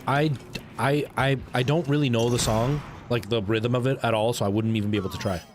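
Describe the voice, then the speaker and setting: A rambling, chatty man talks his way through a game livestream at an everyday middle pitch. He restarts his sentences often and bursts out when the game surprises him. Faint music plays underneath. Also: fairly quick. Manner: rambling, chatty, with frequent restarts and excited outbursts. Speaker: game streamer. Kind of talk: casual livestream chat while playing.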